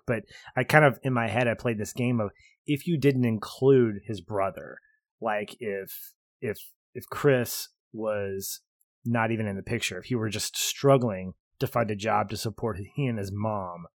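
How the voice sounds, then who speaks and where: A man co-hosting a podcast, chatting casually about a movie, animated and laughing often as he acts out lines. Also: on the low side, a little slow, no echo, studio quality. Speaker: podcast co-host. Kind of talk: casual movie review chat.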